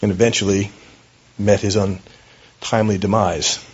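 A man's voice: fairly low pitch, flat delivery, a little slow, husky, muffled recording. A man preaching a sermon as a pastor, in a conversational, storytelling way with hesitations.

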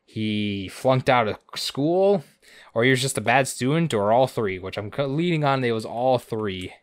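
A man's voice: medium pitch, lively intonation, measured pace, no echo. A man co-hosting a podcast, recapping an episode in a rambling, crude way full of swearing and asides. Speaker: podcast co-host.

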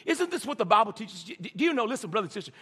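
Racing along in a high, fairly bright voice that's slightly rough and swings widely in pitch, a male pastor preaches to his congregation. He uses call-and-response and stammers into repeated words as he builds, captured in a reverberant church sanctuary.

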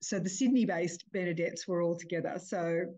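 An older woman hosting a podcast, telling a family story in a lively, chatty way over a video call. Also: lowish voice, moderate pace. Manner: animated storyteller, acts out family quotes. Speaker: podcast host. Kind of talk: casual chat.

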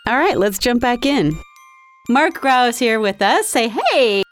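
A woman's voice: fairly high pitch, big pitch swings, unhurried, soft background music. Friendly, encouraging woman interview host. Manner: laughs often, friendly and encouraging. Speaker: talk show host. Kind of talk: casual interview chat.

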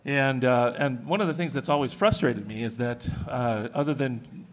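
Man, panel speaker, out of breath, hesitant, many fillers, mid pitch. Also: normal speed. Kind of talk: live convention panel talk. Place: convention panel room.

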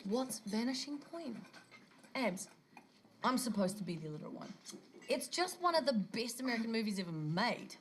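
A woman's voice: a little high, sing-song, moderate pace, a little hiss or hum. A cheeky kiwi stuntwoman. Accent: New Zealand. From New Zealand. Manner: cheeky, swears freely. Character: brash car-loving New Zealand stuntwoman, young adult. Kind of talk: film dialogue.

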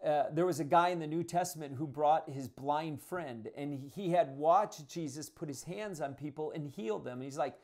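A man's voice: fairly high pitch, moderate pace, hardly any pauses, darkish tone. A male pastor delivering a sermon, talking in a conversational, earnest way and often restarting his phrases.

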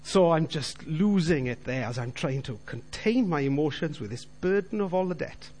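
Middle-aged man, slightly high voice, earnest testimony speaker addressing the congregation directly. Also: expressive, moderate pace, darkish tone, a little hiss or hum. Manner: earnest storytelling, direct appeals to listeners. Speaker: Christian businessman giving testimony. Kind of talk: personal faith testimony.

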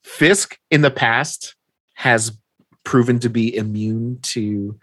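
A man's voice: medium pitch, slow, fairly bright tone, no room sound. A man in casual chat, animatedly recapping a comic book plot, acting out the characters' lines and laughing often.

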